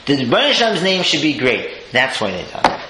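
A man delivers a Torah talk in a bright, lively voice, jumping high and dropping low as he tells his story. The room is echoey a faint hiss behind him. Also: brisk. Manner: animated storyteller, swings between high exclaims and low murmurs. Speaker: rabbi giving a Torah talk. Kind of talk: sermon.

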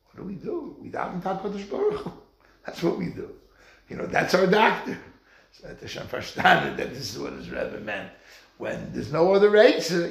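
Animated man teaching a Torah class. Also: vocal fry, echoey room. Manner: animated, acts out quoted voices with wide pitch swings.

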